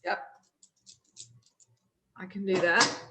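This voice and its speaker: A woman's voice: mid-range voice, steady tone, slow, echoey room, background noise. Friendly guest cooking coach, woman. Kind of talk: casual chat.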